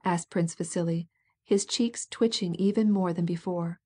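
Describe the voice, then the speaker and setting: Mellow woman reading a classic novel. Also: fairly low pitch, moderate pace, husky. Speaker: audiobook narrator. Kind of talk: scripted audiobook narration.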